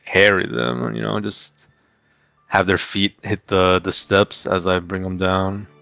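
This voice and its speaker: A man's voice: sits low, little pitch movement, unhurried, gravelly, sharp tone, no echo. A man playing a tabletop game, matter-of-fact and prone to repeating himself. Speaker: player. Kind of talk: casual tabletop play.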